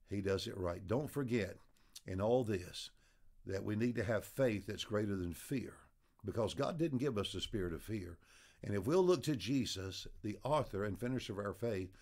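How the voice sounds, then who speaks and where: A middle-aged man preaching a devotional sermon as pastor, telling stories and acting out voices in them. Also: on the low side. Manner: storytelling, acts out voices in anecdotes.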